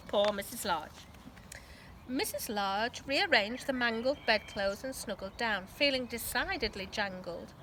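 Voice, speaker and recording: A woman teacher reading a storybook aloud to children, expressive and asking the listeners questions along the way. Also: on the high side, slight background noise, poor audio.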